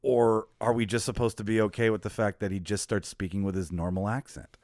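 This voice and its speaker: A man's voice: fairly low pitch, little pitch movement, a little fast, a little mellow, dry recording, clean studio sound. A man hosting a casual film podcast, pressing the others with questions and calling himself a movie snob. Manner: pushy, questioning, self-described movie snob. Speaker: podcast host.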